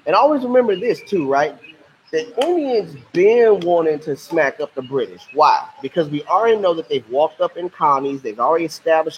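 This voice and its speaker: On a livestream, a man teaches a casual, slangy history lesson, lively and quizzing his viewers as if they were a class. His voice is on the high side and a little fast, and the stream audio is muffled and lo-fi with a faint hiss.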